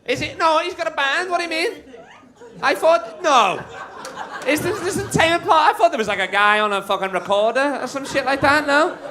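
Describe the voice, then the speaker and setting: Brash, high-voiced man doing stand-up. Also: lively intonation, a little fast, pushed and bright. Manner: brash, sweary banter with the audience. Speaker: stand-up comedian. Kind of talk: live stand-up crowd work. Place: comedy club stage with a live audience. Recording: live club recording with crowd.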